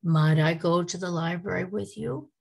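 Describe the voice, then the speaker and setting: A woman giving a teaching lecture to English teachers, speaking deliberately and reading example questions aloud to show how they sound. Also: fairly low pitch, gravelly, husky. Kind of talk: slide-based teaching lecture.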